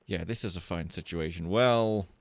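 A man's voice: sits low, moderate pace, no room sound. A young man giving rambling, sarcastic, self-mocking commentary as he plays a stealth game. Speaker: let's play host. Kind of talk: casual gameplay commentary.

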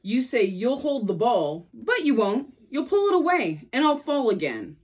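A hopeful, hapless little boy from a children's storybook, voiced by a woman reading aloud. He speaks earnestly with lively rises in pitch. The voice stays close to the reader's own. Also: a little slow, slightly rough, heavily acted. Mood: protesting.

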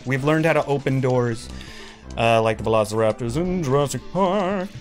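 A man's voice: mid-range voice, moderate pace. Guy in a let's play tossing jokes and game tips, average voice, light music behind. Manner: jokey, gives gameplay tips. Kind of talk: casual gameplay commentary.

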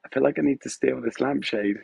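Gravelly-voiced man rambling on a live stream. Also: mid-range voice, quick pace, darkish tone, no echo. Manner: rambling, hesitant, full of fillers, emotional. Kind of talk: casual live-stream chat. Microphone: phone.

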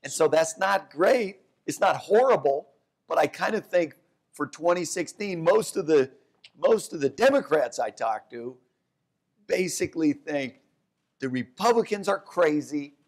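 A man, an economics professor, talking onstage in a lively, fast way that often breaks off and corrects itself. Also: on the high side. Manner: animated, talks in quick bursts, restarts and corrects himself. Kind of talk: onstage conversation.

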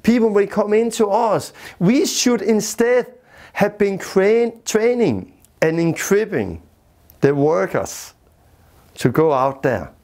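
A man leading a Bible lesson, returning to the same key words again and again for emphasis. His phrasing is plain and simple, with small grammar slips, and he keeps the pace of a steady classroom talk. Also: high voice, slow. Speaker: Bible teacher.

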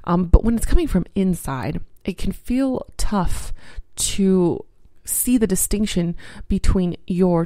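A woman's voice: lowish voice, dark tone, no room sound, clean studio sound. A woman hosting a podcast, talking casually in a bubbly, encouraging way with lots of fillers. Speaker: podcast host. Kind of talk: casual motivational podcast talk.

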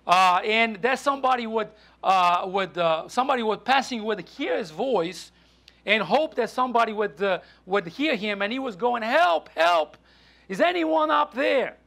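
A man preaching a sermon in a church, halting with frequent restarts and fillers. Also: high-pitched, a bit bright. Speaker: pastor. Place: church sanctuary.

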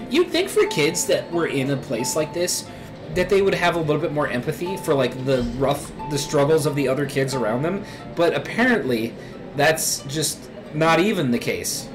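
A man's voice: fairly high pitch, poor audio. A young man giving emotional, profanity-laden let's play commentary, rambling as he reacts. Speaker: gaming YouTuber.

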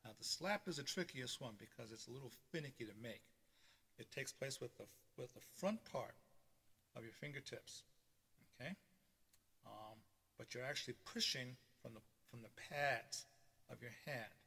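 A man's voice: mid-range voice, normal speed, creaky, pushed and bright, breathy edge. A man teaching a live-streamed beginner drum lesson, explaining hand technique step by step and checking in with a frequent "okay". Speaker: drumming teacher. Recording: roomy reverb with drum sounds behind. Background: drumming between phrases.

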